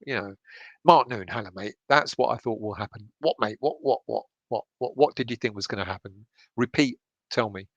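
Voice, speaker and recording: Hushed late-night man. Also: mid-range voice, brisk, dry recording, dull audio. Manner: hushed, keeping his voice down, swearing freely. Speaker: fan channel host reading live chat. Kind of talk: late-night casual chat. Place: home at night.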